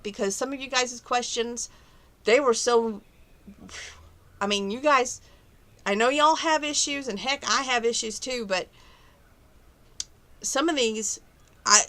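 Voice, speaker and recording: Chatty, bright-voiced woman vlogging at home. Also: a little high. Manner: chatty, opinionated, rambling. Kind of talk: casual chat to camera. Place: bedroom at home.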